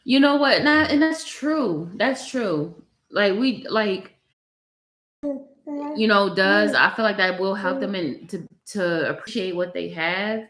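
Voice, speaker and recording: A woman's voice: mid-range voice, lively intonation, takes it slowly, a bit bright. A young mother talks to her viewers in a candid, confiding casual vlog, tearful and close to crying. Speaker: vlogger, mother of three. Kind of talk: emotional casual vlog chat. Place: at home, with her baby on her lap.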